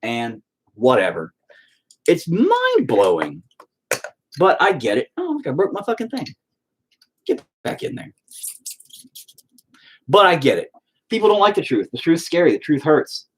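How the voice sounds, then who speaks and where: A man talks casually on a live stream as he paints. His voice is husky and his pitch swings up and down. He rants in an exasperated way and swears a lot. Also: wildly swooping pitch, measured pace, pauses often. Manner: profane, ranting and exasperated. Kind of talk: casual livestream chat.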